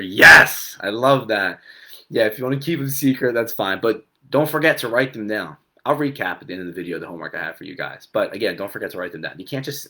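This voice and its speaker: A man coaching viewers on fitness in a live talk, energetic and repetitive, often checking in with "okay" and "right". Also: fairly low pitch, vocal fry.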